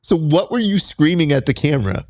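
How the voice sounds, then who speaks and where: Male host, casual interview chat, very lively pitch, animated storyteller. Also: brisk. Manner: animated storyteller, jumps high when quoting himself. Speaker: podcast host.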